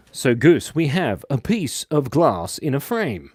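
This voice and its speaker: Lively Australian man chatting on a livestream. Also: mid-range voice, takes it slowly, gravelly, slightly rough, dry recording, studio quality. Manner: chatty, jokey, reads chat aloud, laughs often. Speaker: livestream host and cartoonist. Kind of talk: casual livestream chat while drawing.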